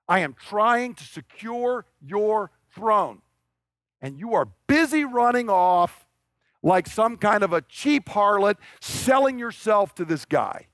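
A furious, jealous old king spits out slow, scornful insults in a voice pushed well above his speaker's usual pitch, as a preacher acts him out. He sounds strained and harsh, unlike the speaker's normal tone. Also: no room sound, studio quality, full character voice. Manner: scornful, shouting insults slowly.

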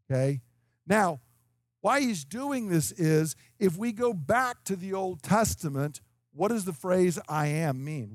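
A man's voice: high-pitched, dry recording, clean studio sound. A man in his fifties preaching an expository sermon, explaining scripture emphatically and checking in with the listeners. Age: 50s.

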